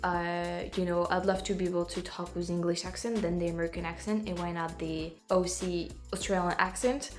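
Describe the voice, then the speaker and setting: French woman chatting, halting and giggly. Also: on the low side, level tone, faint music behind. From France. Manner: halting, self-correcting, laughs at herself. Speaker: YouTube host. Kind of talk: casual reaction chat.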